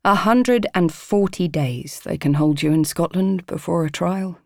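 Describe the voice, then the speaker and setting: A woman's voice: lowish voice, a little slow, vocal fry, dry recording, clean studio sound. Pleading young woman reading a confessional letter. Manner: earnest, pleading, emotionally raw. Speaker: audiobook narrator. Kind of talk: first-person audiobook narration.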